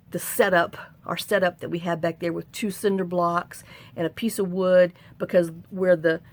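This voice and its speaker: A woman's voice: fairly low pitch, gravelly. A middle-aged woman hosting a crafting tutorial at home, chatting in a rambling way with sighs and asides. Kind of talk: casual crafting tutorial chat.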